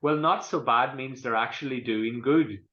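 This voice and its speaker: A man's voice: mid-range voice, normal speed, sharp tone. A man with a Donegal Irish accent giving an online cultural presentation, chatty and rambling, with many restarts. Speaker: guest presenter. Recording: roomy, dull online call audio.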